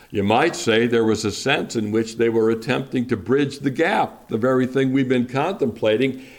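Slow, measured male preacher. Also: mid-range voice. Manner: deliberate, measured preaching with emphatic repetitions. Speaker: pastor. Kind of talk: sermon.

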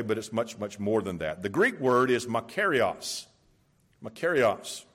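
A man preaching a sermon in a conversational, storytelling way, stressing points by repeating them. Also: medium pitch. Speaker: pastor.

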